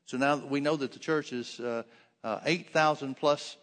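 Male preacher, conversational Bible teaching, mid-pitched voice, repeats himself and restarts phrases. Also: normal speed, fairly bright tone, long reverb tail. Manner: reads scripture aloud, then explains it plainly with frequent restarts and fillers.

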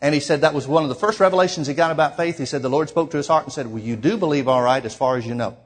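Preacher type, a man with a slightly high husky voice, easygoing sermon storyteller. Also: racing. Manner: retells a story with acted quotes, many restarts.

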